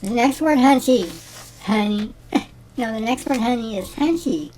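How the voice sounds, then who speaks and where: A man's voice: very high voice, measured pace, a little mellow, slight background noise. Janis Simpleton, a ditzy rambling lady, as a man plays her. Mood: airy rambling. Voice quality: rambling, scatterbrained, giggly. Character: ditzy, self-absorbed middle-aged woman teacher. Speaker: comedy character host. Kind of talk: scripted character comedy monologue.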